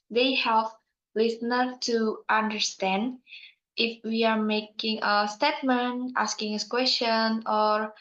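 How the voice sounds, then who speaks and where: A young woman from Bali with an Indonesian accent, giving a careful, measured class presentation as a university student, with small slips and restarts. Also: fairly high pitch, a bit bright. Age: young adult. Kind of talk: scripted explanation. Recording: echoey room, dull lo-fi sound.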